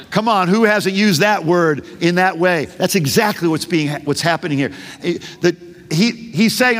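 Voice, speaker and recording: A man's voice: high-pitched, expressive, normal speed, fairly bright tone. A man preaching a sermon as a pastor, passionate and full of rhetorical questions. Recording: long reverb of a large hall.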